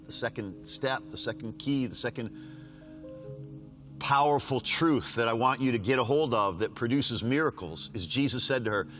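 A man preaching a sermon, reading scripture aloud with rising force and dropping to quiet, repeated appeals. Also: moderate pace, faint music behind. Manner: swings from loud raised scripture reading to low hushed pleading; repeats lines for emphasis.

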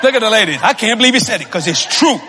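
A man preaching a humorous sermon to a congregation, telling comic stories, laughing and often shouting. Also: sits high, expressive, very fast, in a large hall. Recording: live audience laughter and room noise.

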